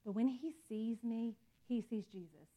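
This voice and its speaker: A woman's voice: on the high side, a little slow, dark tone. A woman teaching a Bible study in an earnest, conversational way, calling her listeners y'all.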